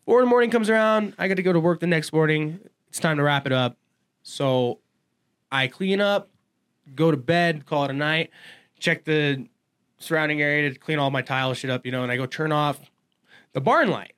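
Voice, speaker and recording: A man telling a wild story in casual chat, profane and animated, swearing freely. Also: fairly high pitch, normal speed, smooth. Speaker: podcast guest.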